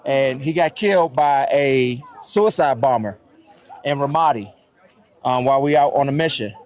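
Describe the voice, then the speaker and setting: A man's voice: mid-range voice, moderate pace, darkish tone. A man presenting an award as head of the organization, heartfelt and choked up, often checking in with "right?". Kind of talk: emotional award speech.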